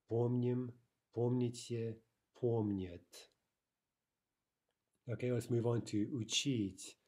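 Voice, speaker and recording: A man's voice: mid-range voice, dark tone. A man teaching a recorded online language lesson, explaining step by step and often checking in with "right?".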